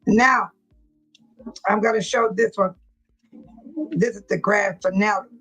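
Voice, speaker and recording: Husky woman hosting a reaction stream. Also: mid-range voice, steady tone, measured pace, a bit bright, lo-fi sound, soft background music. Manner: emotional, repeats herself, talks straight to viewers. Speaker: livestream host. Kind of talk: casual reaction commentary.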